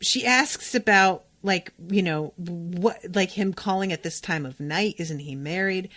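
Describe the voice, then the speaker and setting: A woman's voice: lowish voice, a little slow, few pauses, fairly bright tone. A woman hosting a podcast, recapping an episode in a chatty, opinionated way and sometimes talking straight to the characters. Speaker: podcast host.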